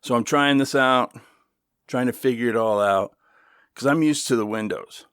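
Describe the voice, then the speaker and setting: Recorded in a studio with no room sound, this middle-aged podcast host tells a casual story, chatty and loose, peppered with swearing and side comments. His mid-range voice is smooth and fairly bright, moving at a normal speed.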